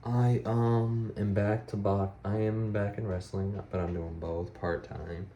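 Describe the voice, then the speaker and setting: A young man giving a rambling, halting life update for his vlog, with frequent restarts. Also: fairly low pitch, fairly even intonation, mellow, roomy sound, muffled recording, a little hiss or hum. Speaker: vlogger.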